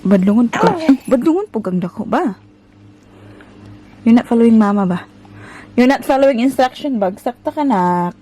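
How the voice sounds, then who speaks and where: A woman's voice: fairly high pitch, expressive, normal speed, pauses often, mellow, a little hiss or hum. A woman in her thirties with a Filipino accent, chatting and coaxing her baby in a casual family vlog. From Philippines. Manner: coaxing sing-song mother talk mixing English and Filipino. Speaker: family vlogger.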